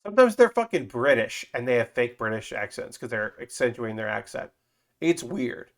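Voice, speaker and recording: A man's voice: mid-range voice, animated, moderate pace. Chatty man rambling on a live stream. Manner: rambling, loose and chatty, with frequent fillers and casual swearing. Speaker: streamer building a model kit. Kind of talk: casual live-stream chat.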